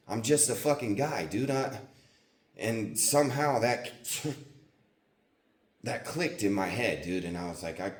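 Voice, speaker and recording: A young man vlogging at the gym, telling a personal story in casual, profane, rambling speech and saying "dude" constantly. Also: lowish voice. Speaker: fitness vlogger. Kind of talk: casual confessional talk. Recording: echoey gym room.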